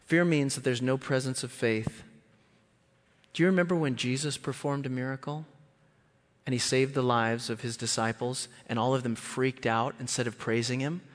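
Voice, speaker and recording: A man preaching a sermon as a guest speaker, animated and lively, often acting out voices. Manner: animated, acts out quoted voices with big pitch jumps. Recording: long hall reverb.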